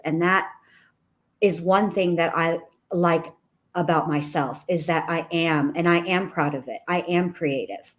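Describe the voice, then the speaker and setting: A woman hosting an online talk, her voice sitting a little low. She muses out loud, rambling and restarting sentences as she works through her thoughts in casual conversation. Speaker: YouTube channel host.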